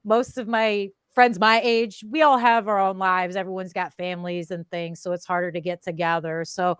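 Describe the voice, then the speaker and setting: A woman guest on a casual podcast, telling lively stories, acting out what people said and laughing often. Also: medium pitch, normal speed, clear, resonant tone, no room sound, clean studio sound. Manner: animated storyteller who acts out quotes and laughs often. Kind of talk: casual chat, storytelling.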